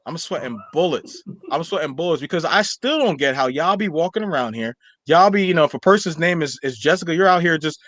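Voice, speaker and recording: A young man from a Nigerian household co-hosts a podcast, chatting casually and animatedly while rambling with lots of fillers. His voice is on the high side and a bit bright, in a dry recording.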